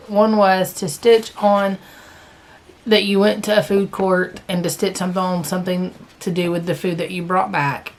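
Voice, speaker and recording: Chatty woman in a home craft vlog. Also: lowish voice. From American South. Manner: chatty, rambling with self-corrections. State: hiccups. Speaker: cross-stitch vlogger. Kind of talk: casual chat. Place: indoors, sitting in a stitching chair at home.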